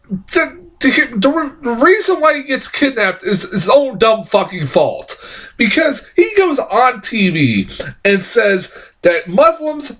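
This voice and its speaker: A man's voice: high-pitched, fairly bright tone. A man reviewing a film in a casual, exasperated rant, swearing freely and restarting sentences with lots of fillers.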